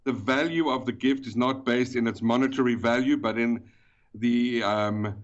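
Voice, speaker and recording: A man with a South African accent speaks as a podcast guest, walking through the details step by step. He often stops on fillers. His sound is dull and slightly lo-fi. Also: mid-range voice. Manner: explanatory, with frequent pauses and fillers. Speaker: guest, event organizer. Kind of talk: podcast interview.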